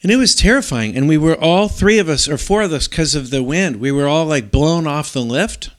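Middle-aged man, podcast co-host, rambling animated storyteller, somewhat high voice. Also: a little fast. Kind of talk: casual storytelling chat.

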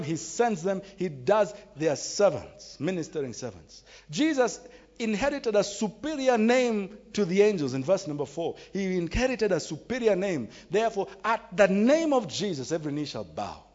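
A man's voice: a little high, darkish tone. A man preaching a sermon with emphatic, repetitive, exclamatory delivery. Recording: dull recording in a reverberant hall.

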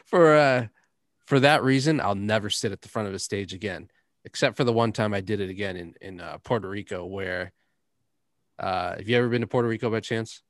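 A man's voice: on the low side, brisk, dry recording. Young guy hosting a podcast, rambly stories, laughs a lot, very dry sound. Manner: rambling storyteller, laughs often, drops curses. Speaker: podcast host. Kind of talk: casual chat.

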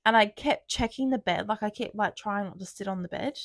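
A woman's voice: medium pitch, fairly quick, no echo, studio quality. A young woman co-hosting a podcast, chatting casually, swearing often and laughing through her own stories. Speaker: podcast co-host. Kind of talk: casual chat.

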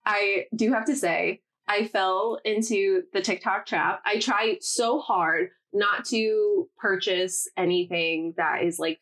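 A woman's voice: mid-range voice, fairly bright tone. Woman, thirties, casual podcast chat, chatty, laughs easily. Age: 30s. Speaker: podcast co-host.

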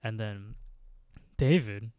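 A man's voice: lowish voice, dark tone, dry recording. Giggly man recapping, dry sound. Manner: laughs often, quick retelling. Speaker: podcast co-host. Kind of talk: casual recap chat.

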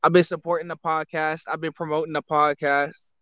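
Brief: young male guest, high voice, dry close sound, relaxed slang. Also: a little fast, no echo. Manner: laid-back, slangy, playful. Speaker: podcast guest. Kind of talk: casual podcast banter.

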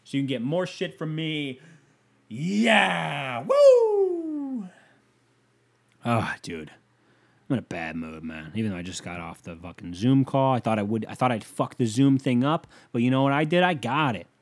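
A young man hosting a podcast alone, rambling through a profane, casual story and now and then breaking into loud whoops. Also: medium pitch, animated, fairly quick. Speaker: podcast host. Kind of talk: casual solo podcast rant.

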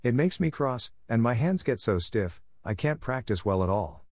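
A man reading the lines of a shy, gentle, contented teenage girl in an audiobook. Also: mid-range voice, very animated, moderate pace, no echo, studio quality. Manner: contented, soft-spoken.

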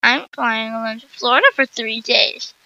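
Woman reading curious schoolgirl, excited, bright voice, muffled lo-fi sound. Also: a little high. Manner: excited, quick to suspect. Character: eager, curious schoolgirl friend.

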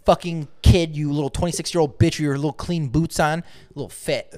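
Fast-ranting, cussing young man. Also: on the high side, fairly even intonation, darkish tone. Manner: heavy swearing, ranting, fast. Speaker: podcast co-host, trades contractor. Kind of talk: casual chat, ranting story.

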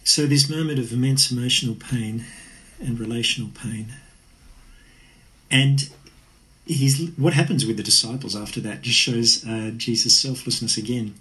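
A man's voice: medium pitch, moderate pace, a bit bright, rough recording. A man preaching an earnest, conversational sermon. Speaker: pastor.

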